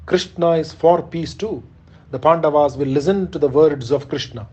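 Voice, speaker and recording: A man's voice: a little high, moderate pace, darkish tone, slightly rough. A man voicing an old warrior-teacher, imploring. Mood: pleading. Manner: earnest, imploring. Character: old grieving warrior-teacher pleading with his king. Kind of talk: audiobook reading of an epic.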